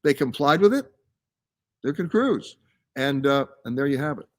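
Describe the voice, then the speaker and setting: A man's voice: fairly high pitch, very animated, normal speed. Chatty travel show host, man. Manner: chatty and emphatic, reads out viewer comments and answers them. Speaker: travel show host answering viewer questions. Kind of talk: casual live-stream chat. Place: live from a science center.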